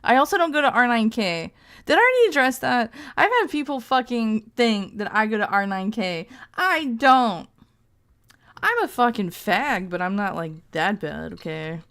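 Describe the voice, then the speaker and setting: A woman's voice: fairly high pitch, very animated, normal speed, a bit bright, clear, resonant tone. A woman streamer reading text aloud in casual live-stream commentary, breaking off into crude, joking asides and frequent laughs. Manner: laughs often.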